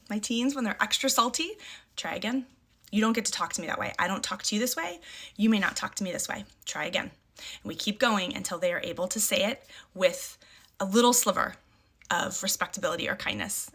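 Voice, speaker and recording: A middle-aged mother talks straight to camera in a casual, emphatic way. She drops into short, firm catchphrases and repeats them for weight, with a voice pitched right in the ordinary middle range for a woman. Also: fairly bright tone. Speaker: parent sharing parenting advice.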